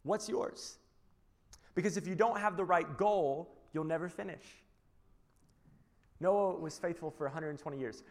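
A male pastor preaching a sermon, animated, acting out little scenes and quotes. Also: on the high side, normal speed, long pauses. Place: large church auditorium. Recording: long reverb of a large church.

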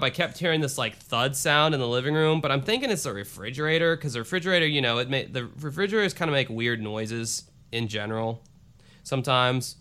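Guy on his podcast reading out listener mail, swears a lot, keeps stopping for side comments, crisp clear voice. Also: mid-range voice, lively intonation, brisk, pushed and bright. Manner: loose and profane, with restarts and asides. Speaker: podcast host. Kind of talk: casual chat reading listener emails.

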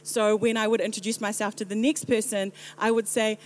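A woman in her thirties with a New Zealand accent, preaching a lively, joking sermon as a pastor. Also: mid-range voice, fairly quick. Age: 30s. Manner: lively and joking, with playful impressions.

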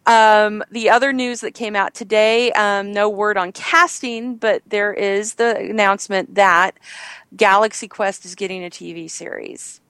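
A woman's voice: mid-range voice, steady tone, unhurried, fairly bright tone, clear, resonant tone, dry recording. A woman hosting a casual entertainment news chat, enthusiastic and rambling, with frequent fillers. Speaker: host.

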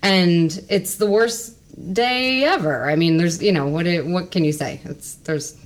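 A woman in her thirties, her voice on the low side and a little slow, shares a personal story as a podcast guest. She's animated and laughing, curses freely, and acts out what people said.

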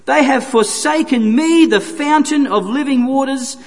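A man's voice: very high voice, measured pace. A man preaching a sermon, earnest and emphatic, repeating phrases for stress. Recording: reverberant hall.

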